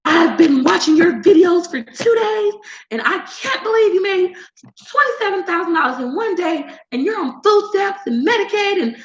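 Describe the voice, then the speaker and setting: Woman playing a shrill, indignant online viewer, much higher voice, echoey room. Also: expressive, moderate pace, lo-fi sound.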